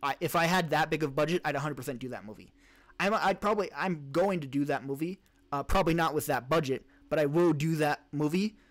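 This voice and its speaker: Fairly bright and on the high side, this man's voice moves at a quick pace as he hosts a casual live-stream Q&A. The podcast host and streamer reads chat questions and rambles through answers, restarting and correcting himself, on a streaming desk mic.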